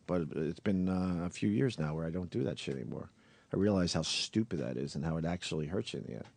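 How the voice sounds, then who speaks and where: A man hosting a radio talk show, speaking frankly and with lots of swearing, sometimes low and quiet and sometimes loud. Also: lively intonation, quick pace, vocal fry.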